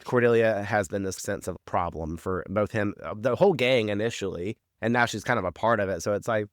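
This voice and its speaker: A man's voice: fairly low pitch, a little fast, no echo, clean studio sound. A man co-hosting a podcast, recapping a TV episode in rambling casual chat full of fillers and swearing.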